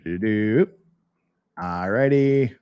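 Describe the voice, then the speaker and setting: A man's voice: fairly low pitch, drawn-out words, clear, resonant tone, dull audio. A man hosting a live legal commentary stream, joking with his chat and breaking down a lawsuit. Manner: animated, joking, chatty with chat. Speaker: podcast host.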